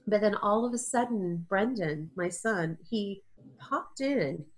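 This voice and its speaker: A woman's voice: mid-range voice, animated, takes it slowly, slightly rough. A middle-aged woman, an interview guest, telling an emotional personal story, tearful at times and laughing through it.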